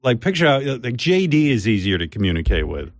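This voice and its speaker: A man's voice: medium pitch, fairly quick, no echo. An older man, a radio host, telling a long rambling story in casual chat on a studio mic. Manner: rambling, animated, mimics others' voices in quotes. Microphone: studio microphone.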